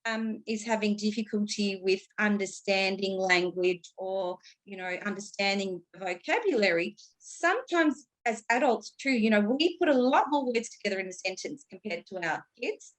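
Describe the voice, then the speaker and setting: A woman's voice: mid-range voice, expressive, normal speed, few pauses. A woman communication coach giving advice on a panel, explaining patiently and acting out exaggerated intonation.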